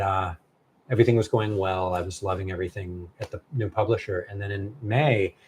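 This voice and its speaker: A man, a novelist, telling a long story in casual conversation, animated and halting with many fillers and restarts. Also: sits low, a little hiss or hum. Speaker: novelist guest.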